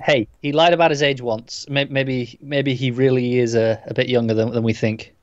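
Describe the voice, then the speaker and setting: A man's voice: mid-range voice, steady tone, moderate pace, no echo, muffled recording. A man co-hosting a casual movie news podcast, easygoing and bantering. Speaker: podcast co-host.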